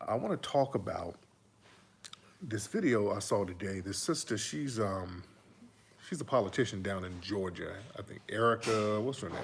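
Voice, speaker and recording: A man hosting a casual commentary monologue, talking animated and preachy into a phone held close to his face. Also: on the low side, slightly rough. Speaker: host.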